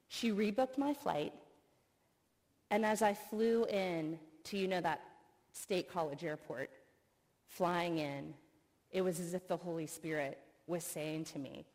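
A middle-aged woman, a professor, giving an earnest sermon full of personal stories and expressive retelling. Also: fairly low pitch, unhurried. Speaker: speaker, professor. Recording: long reverb of a hall.

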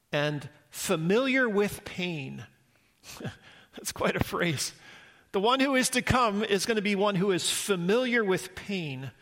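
A man's voice: on the high side, fairly bright tone. A man preaching a sermon as a pastor, earnest and reflective, posing rhetorical questions to the congregation.

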